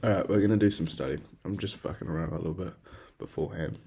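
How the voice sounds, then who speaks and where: A young man hosting his own podcast in loose solo chat, excitable and profane, jumping between loud outbursts and hushed whispers. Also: low voice, quick pace, background noise. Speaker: podcast host.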